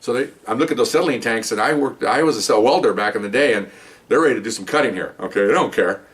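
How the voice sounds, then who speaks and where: A man's voice: mid-range voice, fast talker, a bit bright, far from the mic. A man, a retired police officer, casually telling a long story, rambling with lots of asides and fillers. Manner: rambling, conversational, lots of "you know" and "okay".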